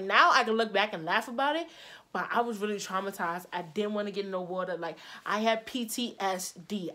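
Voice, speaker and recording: A young adult woman vlogger telling stories in casual, slangy chat, acting out the quotes with lively energy. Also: mid-range voice. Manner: slangy and animated, acts out quotes.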